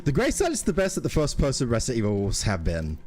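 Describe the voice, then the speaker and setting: A man streaming a horror video game and chatting with a friend, excitable and swearing, laughing often. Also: medium pitch, fast, soft background music. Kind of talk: casual gaming commentary.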